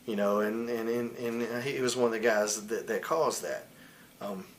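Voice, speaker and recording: Medium-pitched and steady, this man speaks at a measured pace, with a little hiss or hum in the recording. He's a wrestler in his forties guesting on an interview, recounting candid stories bluntly and heatedly, swearing frequently and imitating others' voices in quotes.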